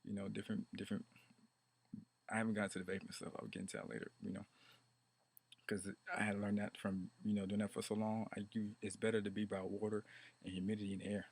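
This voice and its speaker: A man's voice: on the low side, fairly even intonation, fast talker, gravelly, darkish tone, husky. A man talking about meditation in a rambling, repetitive way, now and then chanting mantras. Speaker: meditation teacher. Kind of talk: rambling casual monologue.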